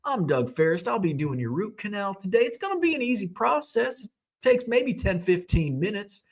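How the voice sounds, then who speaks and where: A man putting on a gentle Southern dentist. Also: sits high, normal speed, pitched above the performer's own voice, full character voice. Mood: reassuring. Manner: calm, reassuring, explains step by step. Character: polite soft-spoken male Southern dentist.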